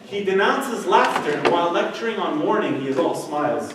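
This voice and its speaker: A middle-aged man gives a conversational church youth talk, often checking in with his listeners. His fairly high voice comes from a distance in a very echoey hall with faint noise underneath. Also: lively intonation, brisk. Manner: conversational, keeps asking "okay?". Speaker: youth speaker. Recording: echoey room, voice from far off.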